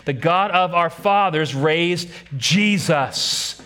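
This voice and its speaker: A man's voice: on the high side, takes it slowly, bright, forceful tone. A man preaching a sermon as a pastor, emphatic and repeating key phrases, putting questions to his congregation.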